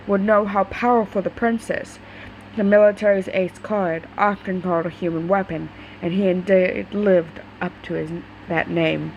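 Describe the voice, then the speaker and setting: A woman's voice: medium pitch, a little hiss or hum, rough recording. A woman casually reading a fan story aloud, stumbling over words now and then. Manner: casual, stumbling, swears in asides. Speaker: story reader.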